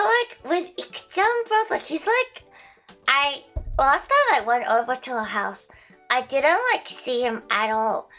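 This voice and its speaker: A woman's voice: on the high side, sharp tone. A young woman livestreaming, chatting casually with viewers in a playful, giggly, chaotic way with crude jokes.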